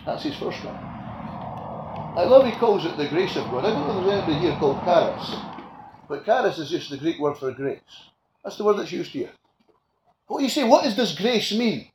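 A man preaching a sermon with passion, swinging between loud declarations and quiet asides. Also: sits high, big pitch swings, a little fast, long pauses. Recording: echoey room with faint ambient noise.

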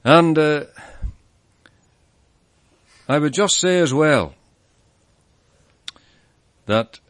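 An older man preaching a sermon at an evening tent meeting, his voice a touch high. He talks earnestly and leans hard on key words. The sound is dry and close, with no room echo. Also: expressive, extremely slow, a bit bright.

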